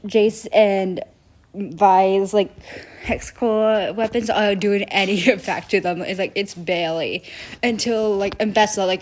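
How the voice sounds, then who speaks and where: Brief: young adult woman, casual recap chat, rambling, filler-heavy, mid-pitched, acts out character quotes. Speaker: show reviewer.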